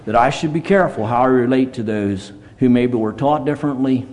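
Brisk and darkish in tone, this mid-range male voice belongs to a preacher giving an earnest, plainspoken sermon at church. He reads scripture aloud in the King James wording.

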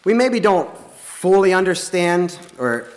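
Earnest man preaching, slightly high voice. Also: very animated. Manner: halting, many restarts and fillers; earnest, plain-spoken. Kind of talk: sermon.

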